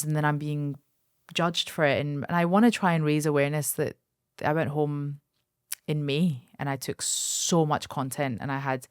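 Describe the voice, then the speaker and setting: Guesting on a podcast, an aesthetics doctor in her 30s from Kurdistan in northern Iraq tells personal stories with candor and emotion, voicing the people she quotes. Her voice sits low and smooth, recorded cleanly in a studio without echo.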